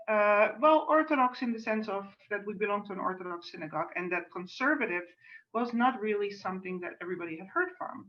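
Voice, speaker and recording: A woman's voice: mid-range voice, animated, quick pace. Dutch-accented woman cantor on video call. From Netherlands. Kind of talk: friendly introductory talk before a service. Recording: distant, muffled video call audio.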